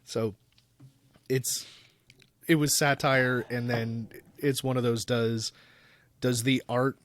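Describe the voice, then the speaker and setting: A man's voice: medium pitch, level tone, takes it slowly, a bit bright, no room sound. A man co-hosting a podcast in casual chat, an easygoing storyteller who reads articles aloud. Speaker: podcast co-host.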